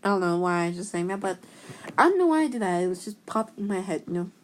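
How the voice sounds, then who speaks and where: A woman's voice: mid-range voice, lively intonation, fast. A woman casually reading memes aloud, giggly and playful, slipping into silly voices. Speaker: meme reaction video maker. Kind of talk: casual meme reading commentary.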